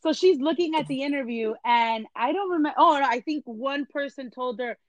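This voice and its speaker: High-voiced woman telling a story. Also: quick pace, hardly any pauses, no room sound, dull audio. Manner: animated, switches between English and Spanish. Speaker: entertainment journalist guest. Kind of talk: casual storytelling chat.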